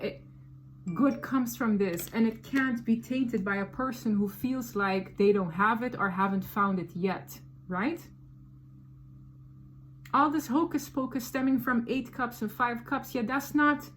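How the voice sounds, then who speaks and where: Woman doing a tarot reading, slangy and emphatic, voice a bit high, little hiss behind her. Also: a little slow. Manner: animated, slangy, emphatic storytelling. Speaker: tarot reader. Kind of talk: casual tarot reading to camera.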